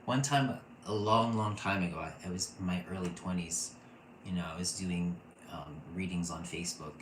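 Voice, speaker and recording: Gushing low-voiced man, echoey room. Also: moderate pace. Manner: gushing and excitable, laughs often. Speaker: intuitive reading teacher. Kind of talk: casual online class. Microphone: computer mic, off camera. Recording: echoey room with faint noise.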